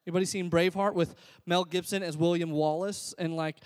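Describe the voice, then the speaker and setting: A man's voice: high voice, fairly even intonation, brisk, a little mellow, clean tone, big-room sound. A man preaching a sermon in an earnest, conversational, self-deprecating way. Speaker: pastor.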